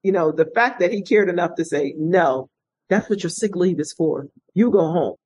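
Her voice on the low side and slightly rough, this middle-aged woman speaks at a moderate pace, with the high frequencies cut off. As an interview guest and retired state police officer, she shares her life story earnestly and reflectively, turning animated when quoting others.

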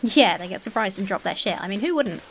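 Gushing woman with a lively voice. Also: medium pitch, fast, slight background noise. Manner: gushing, chatty, swears casually. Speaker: gaming video host. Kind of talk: casual let's-play commentary. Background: faint game music.

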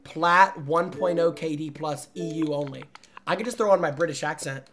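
A young man streaming a game, chattering excitedly to his chat in slangy, excitable commentary. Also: a little high, normal speed, slight background noise. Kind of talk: live gaming commentary.

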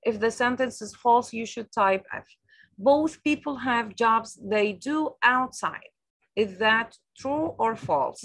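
Speaking slowly with lively intonation, a woman with a high-ish, fairly bright voice teaches English over a video call in an Egyptian accent. She repeats each new word several times and explains it in Arabic.

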